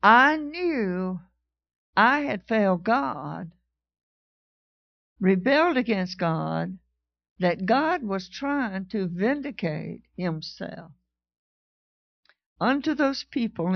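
A woman's voice: medium pitch, expressive, takes it slowly, gravelly, long pauses, dry recording. A woman preaching a sermon, telling a story and reading scripture aloud with rising fervor. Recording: dull lo-fi sound.

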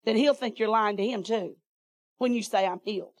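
A woman's voice: mid-range voice, moderate pace, no echo. A woman preacher, telling a folksy testimony in her sermon and laughing often.

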